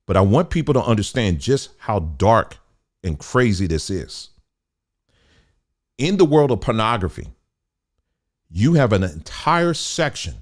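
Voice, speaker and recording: Low-voiced man reading with heated asides. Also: big pitch swings, measured pace, pauses often. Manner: conversational, stops to add remarks, gets heated. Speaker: commentary host. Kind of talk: reading an article aloud with commentary.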